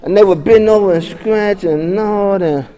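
A man's voice: high-pitched, moderate pace, dark tone, long reverb tail. A man animatedly telling his recovery story at a meeting, acting out the voices of the people in it. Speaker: speaker sharing recovery story.

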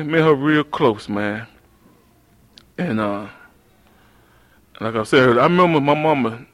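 A man from North Carolina telling his personal story at a recovery meeting in a conversational way, often calling the listeners "man.". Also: medium pitch. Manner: conversational, addresses the room with "man".

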